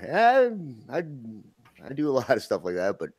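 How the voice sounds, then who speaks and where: A man's voice: medium pitch, wildly swooping pitch, normal speed, no room sound. A man, chatting casually as a guest and laughing often. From Minnesota. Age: 50s. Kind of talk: casual live-stream chat.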